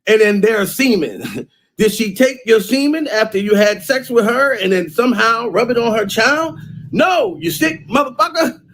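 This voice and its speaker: A man ranting in a loud, mocking way, often laughing between phrases. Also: very high-pitched, animated, moderate pace, a little hiss or hum. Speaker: vlogger. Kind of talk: profane rant.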